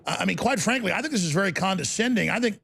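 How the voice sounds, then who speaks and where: Gravelly high-pitched indignant male host. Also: rapid-fire, slight background noise. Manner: animated and indignant, repeats words when worked up. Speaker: talk show host. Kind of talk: combative political talk show.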